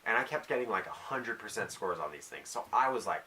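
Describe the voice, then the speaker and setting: A man's voice: on the low side, expressive, fairly quick, sharp tone. A teenage boy talking casually in a rambling, self-deprecating vlog monologue with jokey asides. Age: teens. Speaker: vlogger.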